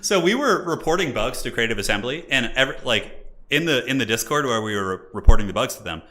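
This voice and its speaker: A young man casually commentating a live game stream, excitable and joking. His voice is bright and forceful, and his pitch swings a lot. He chats straight to his viewers. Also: fast. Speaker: streamer hosting multiplayer matches.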